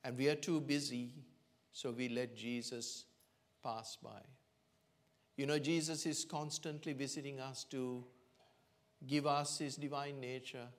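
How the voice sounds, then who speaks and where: Male preacher, evening sermon in church, unhurried, earnest, lots of "uh" pauses. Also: medium pitch, steady tone. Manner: slow, earnest storytelling with many pauses and fillers.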